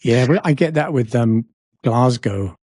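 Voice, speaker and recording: Englishman with a mellow London accent. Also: medium pitch, lively intonation, measured pace, no room sound, clean studio sound. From England. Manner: rambling, self-mocking storyteller. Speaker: co-host. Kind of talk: casual chat.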